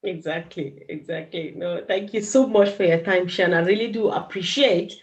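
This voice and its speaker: Brief: woman host of a live chat, affirming and chatty, quick to giggle. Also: fairly low pitch, rough recording.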